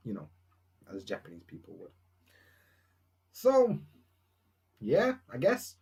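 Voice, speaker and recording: A man's voice: mid-range voice, huge pitch swings, slow pace, long pauses, a little mellow. Chatty Yorkshire man on a live stream. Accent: Yorkshire (Barnsley). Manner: chatty, self-mocking, swears casually. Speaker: vlogger answering live chat questions. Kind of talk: casual live-stream chat. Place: at home.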